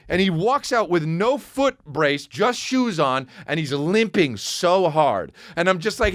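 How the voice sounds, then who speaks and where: Brief: male podcast host spinning a crude, animated anecdote, very expressive pitch, dead-dry studio mic. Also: a little slow, dry recording. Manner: profane, animated, rising to a high excited pitch as the story builds. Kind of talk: comedic storytelling monologue.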